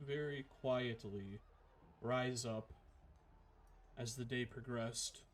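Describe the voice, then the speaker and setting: A man running a tabletop game as game master, recapping the last session in a measured, halting way with fillers. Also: medium pitch.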